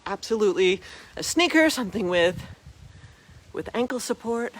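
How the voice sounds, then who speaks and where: A woman's voice: mid-range voice, animated, normal speed. A woman narrating a live walking tour outdoors, chatty and upbeat, speaking to viewers directly from a phone she carries as she walks. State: out of breath from climbing steps. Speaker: tour guide vlogger. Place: outdoors on a hilltop village. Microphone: phone held while walking.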